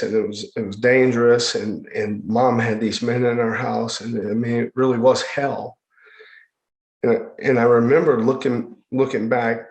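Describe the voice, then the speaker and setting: A man as a podcast guest, telling his personal story in an earnest, reflective way, often halting and repeating words. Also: lowish voice. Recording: echoey room.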